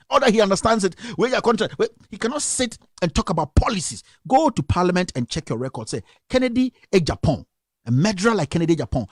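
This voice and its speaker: A man's voice: sits high, slightly rough, no echo, studio quality. A young Ghanaian man with a Ghanaian accent, delivering an impassioned political rant on a live stream and firing off scolding rhetorical questions. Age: young adult. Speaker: radio commentator.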